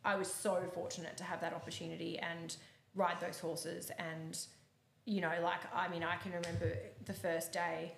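A woman, a horse eventer telling lively stories as an interview guest, laughing often. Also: lowish voice, moderate pace, vocal fry, reverberant, slight background noise. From Australia. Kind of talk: animated storytelling in an interview.

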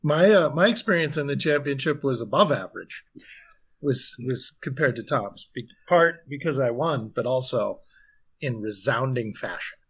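Husky man, halting and dry. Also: mid-range voice, animated, a bit bright. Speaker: podcast guest. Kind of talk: casual podcast chat.

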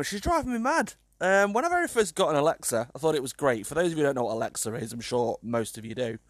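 A man's voice: mid-range voice, no echo. A young man from the UK, chatting casually to camera in an exasperated, joking way with swearing. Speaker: vlogger.

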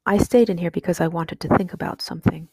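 A sickly young boy, serious and calm, as a woman reads him in a storybook. The voice is husky and low. The recording is dry. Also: fast, no echo. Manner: serious, thoughtful.

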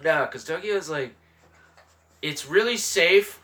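Young male comic, animated storyteller, slightly high and bright, close-miked. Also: measured pace. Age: young adult. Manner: animated, laughing anecdotes. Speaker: guest comedian. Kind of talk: casual podcast storytelling. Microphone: handheld mic held close to mouth.

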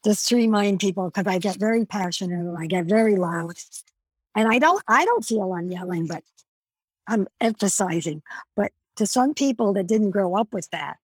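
Husky-voiced chatty woman. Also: mid-range voice, expressive, normal speed, dry recording. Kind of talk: casual podcast conversation.

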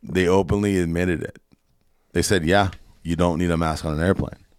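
A man's voice: low voice, fairly even intonation, normal speed, smooth, dry recording, clean studio sound. A man hosting a podcast, ranting casually and emphatically with plenty of profanity. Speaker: podcast host. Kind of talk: casual opinionated podcast rant.

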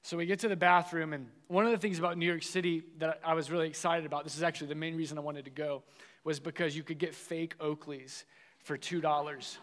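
A young adult man preaching a sermon, telling a personal story in an animated way and acting out the dialogue. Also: a little high. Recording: long reverb of a large hall.

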